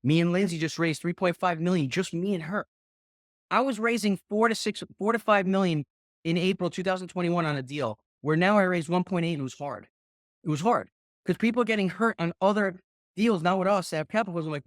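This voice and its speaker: A middle-aged man coaching a group call on real estate investing, rambling and excitable, swearing often. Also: high voice, quick pace, dry recording, studio quality.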